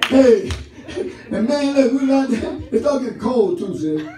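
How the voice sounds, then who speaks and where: Man pastor, high animated voice, unhurried sermon delivery, recorded from a distance in an echoey church. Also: crowd noise. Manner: laughing, storytelling with call-and-response. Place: church sanctuary. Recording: roomy church hall, mic at a distance, congregation audible.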